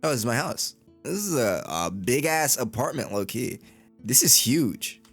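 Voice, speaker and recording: A man's voice: mid-range voice, big pitch swings, measured pace, over loud music. A man giving casual, joking commentary on a game playthrough, swearing freely and rambling as he reacts. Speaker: gaming content creator.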